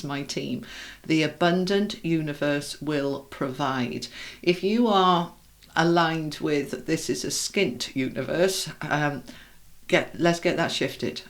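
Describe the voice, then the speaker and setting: A woman with a slightly low-pitched voice gives a casual tarot reading, chatting directly to her viewers. She is friendly and reassuring as she turns over each card. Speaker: tarot reader.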